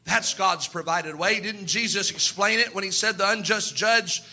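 Delivering a full sermon at a moderate pace, a man preaches fervently and acts out the characters in his stories. His voice is very high and rings with sharp brightness.

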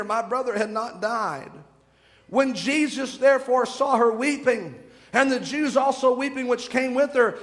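A preacher with a very high voice delivers a fervent sermon, stretching out scripture phrases for weight. The sound rings with the long reverb of a church hall. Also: male voice, a bit bright. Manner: fervent, slows to drawn-out emphasis on scripture.

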